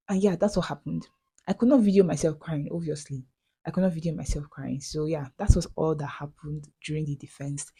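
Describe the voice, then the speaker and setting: A woman's voice: on the low side, mellow, slightly rough. A young woman in her twenties with a Nigerian accent, talking casually in a vlog voiceover, chatty and prone to repeating herself. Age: 20s. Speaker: vlogger.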